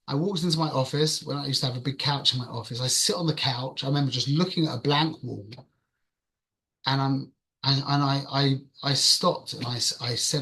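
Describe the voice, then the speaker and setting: A man with a London accent giving a religious talk, telling a story to his audience in an animated, conversational way that swings between loud and hushed. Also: fairly high pitch, brisk. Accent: London English. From London, England. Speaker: religious teacher.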